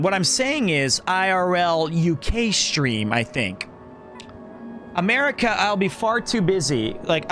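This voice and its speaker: A man with a high, sharp-toned voice streams a video game, chatting casually and rambling to his viewers between puzzles as he talks to chat.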